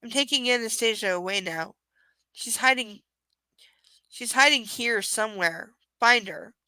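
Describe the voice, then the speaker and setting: A woman's voice: on the high side, unhurried, bright, forceful tone, no room sound, poor audio. A woman with a stuffy, nasal voice reading the lines of a cold, controlling rich young man in a curt, commanding way.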